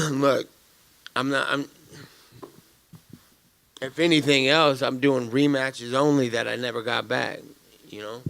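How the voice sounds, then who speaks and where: Man, fighter, post-fight press conference, gravelly, blunt, rambling, swears a lot. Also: medium pitch, fairly even intonation, slow, long pauses, fairly bright tone. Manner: blunt, profane, rambling with many fillers.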